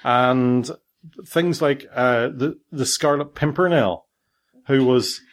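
Rambling dad hosting a podcast. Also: male voice, medium pitch, takes it slowly. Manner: rambling, self-correcting, playful. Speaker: podcast host. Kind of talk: casual family podcast chat.

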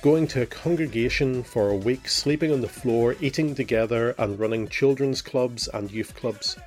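Middle-aged male host, reflective scripted memoir read, mid-pitched voice, soft music bed. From Northern Ireland. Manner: reflective, measured storytelling. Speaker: podcast host. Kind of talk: scripted personal narration.

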